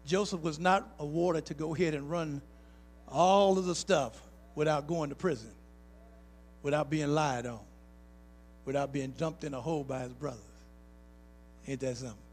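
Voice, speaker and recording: High-voiced pastor preaching with swing. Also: male voice, normal speed, long pauses. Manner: preacher's call-and-response, folksy, rising to emphatic. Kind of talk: sermon with personal stories. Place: church sanctuary.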